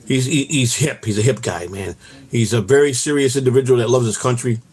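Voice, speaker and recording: A vlog host walks outdoors and tells rambling, profane stories, capping his sentences with "man." His voice sits at medium pitch, fairly quick, with a darkish tone and a breathy edge.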